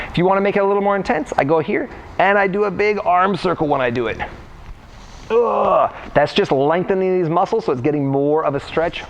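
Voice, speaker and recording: A young man coaching warm-up exercises in a casual, joking way while demonstrating the moves. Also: fairly high pitch. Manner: playful, jokey, talks while exercising. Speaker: freerunning coach.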